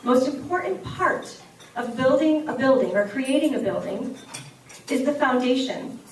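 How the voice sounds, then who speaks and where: High-voiced woman speaking in an echoey banquet hall. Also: measured pace. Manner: lively storyteller, acts out voices of children and herself. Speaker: keynote speaker and teacher. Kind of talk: keynote speech with anecdotes. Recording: echoey hall recorded from far off, dinner noise. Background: clinking cutlery and dishes.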